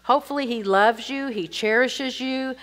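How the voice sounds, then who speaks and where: A woman's voice: fairly high pitch, normal speed, a bit bright. A middle-aged woman teaching a sermon to women, earnest and explanatory, often checking in with rhetorical questions.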